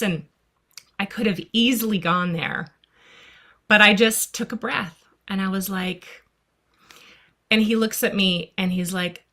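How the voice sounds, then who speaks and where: Woman, bright tense voice, chatty, storytelling, casual panel talk. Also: mid-range voice, a little slow, long pauses. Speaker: parent on a discussion panel. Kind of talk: casual discussion.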